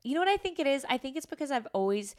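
A young woman in casual chat as podcast co-host, animated, jumping into high voices when she quotes herself. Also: rapid-fire.

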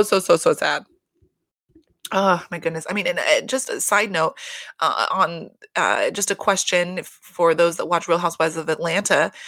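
A woman's voice: medium pitch, fairly bright tone, no room sound, clean studio sound. A young woman hosting a casual reality TV recap, gossipy and profane, talking with lots of fillers and restarts. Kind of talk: casual chat.

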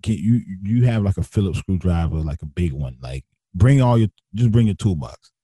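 Telling an animated personal story as a guest, a man speaks at a moderate pace in a dark, husky voice that jumps sharply upward when he voices other people's lines. He restarts sentences frequently and uses slang, and the audio is dry and close-miked with no sense of a room.

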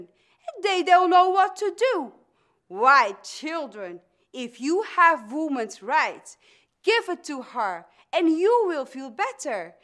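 A woman voicing an older woman orator who demands women's rights, declaiming slowly and emphatically with a Dutch-influenced Northern US accent. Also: high voice, fairly bright tone, exaggerated voice. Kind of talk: dramatic speech reading.

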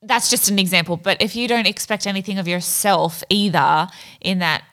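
A woman's voice: mid-range voice, moderate pace. Frank woman co-host chatting. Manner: relaxed, chatty, gives advice frankly. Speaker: podcast co-host. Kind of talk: casual chat.

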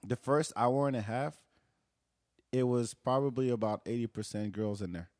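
A man's voice: medium pitch, normal speed, darkish tone, no room sound, studio quality. A man with a French accent co-hosting a podcast in casual group chat, loose and joking, often restarting his sentences. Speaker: podcast co-host. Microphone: studio mic.

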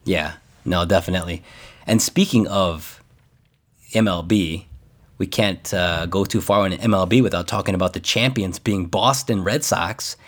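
A man's voice: low-pitched, normal speed. A man co-hosting a casual podcast, reading a list aloud and joking and laughing as he goes. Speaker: podcast co-host. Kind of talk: casual chat.

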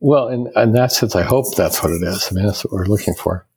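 This older American architect has a fairly low voice with a breathy edge and talks briskly, though the audio quality is poor. Reflective and given to storytelling, he explains ideas in a conversational interview and mimics others in lively voices when quoting them.

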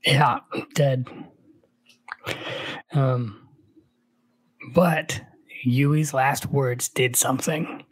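A chatty man hosting a casual read-along, mixing book narration with playful remarks of his own. His voice sits at an ordinary middle pitch. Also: steady tone, extremely slow, long pauses, slightly rough, low-quality recording. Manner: chatty, adds playful asides to the reading. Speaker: host reading a book aloud.

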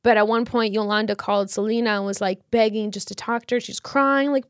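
A woman's voice: mid-range voice, fairly even intonation, fairly quick, no room sound, clean studio sound. A woman co-hosting a podcast, telling a story in casual chat with slang and lots of fillers. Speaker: podcast co-host.

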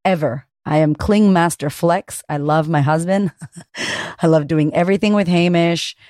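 A woman, a confidence coach hosting her own podcast, talking solo in a high-energy, chatty way and swearing casually. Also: moderate pace, a little mellow, dry recording, clean studio sound.

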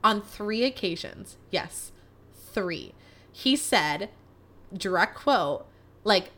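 Bright-voiced young woman telling a story. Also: mid-range voice, drawn-out words, pauses often. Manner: animated, profane, self-mocking. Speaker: podcast host. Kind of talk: casual storytelling monologue.

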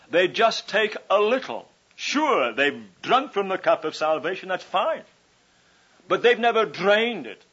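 A man's voice: on the high side, fairly bright tone, slightly rough. A man preaching a sermon, earnestly pleading with his listeners and repeating phrases for emphasis. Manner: earnest, pleading evangelistic appeal. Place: conference hall. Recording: dull lo-fi 1981 conference tape.

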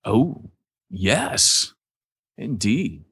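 Playful lower-voiced male podcast host. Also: drawn-out words, breathy edge, dry recording, clean studio sound. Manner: playful, joking, animated. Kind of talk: casual banter.

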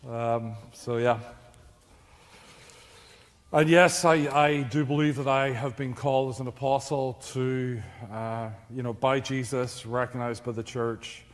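A man delivers a sermon to a church congregation in a relaxed, joking way, talking to the room as if chatting with friends. His voice sits in an ordinary middle pitch. It rings out with the long reverb of a church hall. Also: unhurried. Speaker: preacher.

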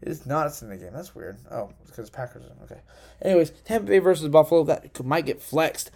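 A man's voice: fairly high pitch, sing-song, fast, creaky, darkish tone, slight background noise. A young man hosting a casual solo sports podcast, rambling through picks, cursing and correcting himself, on uneven home audio. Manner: rambling, profane, self-correcting. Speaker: podcast host.

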